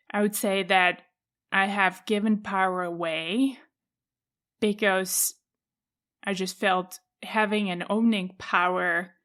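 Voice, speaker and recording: A woman with a Czech accent hosting a solo podcast, talking through her thoughts in a measured, reflective way. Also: medium pitch, fairly bright tone. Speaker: podcast host.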